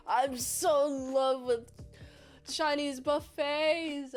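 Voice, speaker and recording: A woman with a high voice talks slowly through a casual movie recap. She rambles, cracks jokes and pokes fun at herself. Soft background music plays underneath her. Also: flat delivery. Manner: rambling, jokey and self-deprecating. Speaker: movie reviewer.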